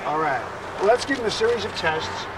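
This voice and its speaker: High-voiced man dog trainer, explains steps conversationally, outdoor street noise behind. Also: expressive, a little fast. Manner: chatty, explanatory, goes high and sing-song coaxing the dog. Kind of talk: on-location dog training demo.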